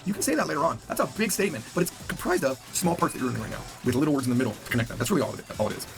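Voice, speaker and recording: Fast, lively male language teacher. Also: fairly high pitch, creaky, over music. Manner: upbeat, chatty, repeats words for drill. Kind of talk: recorded beginner lesson.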